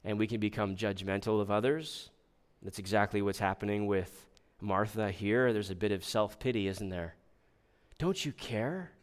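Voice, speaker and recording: A man's voice: lowish voice, fairly even intonation, normal speed, clean tone. A man preaching a sermon as pastor, talking in a conversational way, asking the congregation rhetorical questions and often restarting his words.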